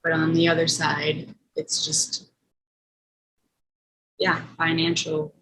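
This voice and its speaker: A woman's voice: low-pitched, completely flat delivery, slow pace, noisy background. A woman talking hesitantly in casual chat, with frequent fillers.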